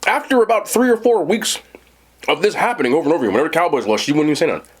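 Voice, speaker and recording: A man's voice: on the high side, rapid-fire, breathy edge. A man hosting an eating show, telling a story casually and talking straight to his viewers. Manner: animated, talks to viewers directly. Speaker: mukbang host. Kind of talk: casual storytelling to a live chat.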